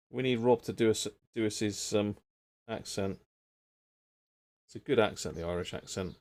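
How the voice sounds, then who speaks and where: A man's voice: fairly low pitch, moderate pace, long pauses, darkish tone. A man hosting a live repair stream, thinking aloud in a rambling, casual way and chatting with viewers. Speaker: radio repair livestream host.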